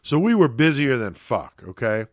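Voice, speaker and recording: A man casually telling a profane, animated story as a podcast host, checking in with "okay?" as he goes. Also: mid-range voice, moderate pace, no echo, clean studio sound.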